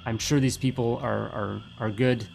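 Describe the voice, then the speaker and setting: A man doing a friendly, upbeat rebel smuggler in a tabletop game, pitched above his own voice with a gravelly edge. He talks in bursts with small stumbles. A faint hum sits behind him. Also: fairly even intonation, moderate pace, a little mellow, lightly acted.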